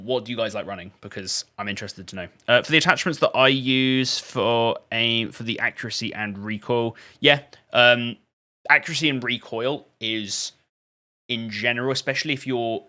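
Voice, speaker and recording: A man's voice: mid-range voice, normal speed, pushed and bright. A man live-streaming a shooter game, chatting loosely to his viewers with lots of restarts. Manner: rambling and chatty, many restarts. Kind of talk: live-stream gaming commentary.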